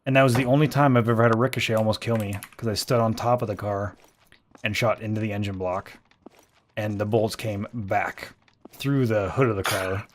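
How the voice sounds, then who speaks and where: A man's voice: fairly low pitch, steady tone, a little fast, slight background noise. Swearing, rambling man streaming. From United States. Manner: rambling, swears a lot, laughs often. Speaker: game streamer. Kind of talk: casual live-stream storytelling.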